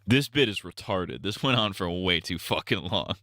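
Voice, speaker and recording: A young man streams live in loose, rambling commentary full of crude jokes. His voice is low-pitched but bright and crisp. The sound is close and dry. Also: lively intonation, normal speed, no echo. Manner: rambling, crude and joking, with frequent laughs.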